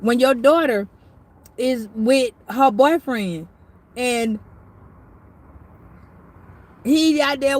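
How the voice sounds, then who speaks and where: A woman's voice: high voice, extremely slow, long pauses. Blunt, profane middle-aged woman reader. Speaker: tarot reader. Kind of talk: casual astrology reading chat.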